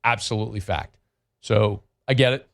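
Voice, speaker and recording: Blunt sports radio host. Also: male voice, on the low side, creaky. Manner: blunt, conversational, drawn-out emphasis. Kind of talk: sports talk radio monologue. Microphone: studio microphone.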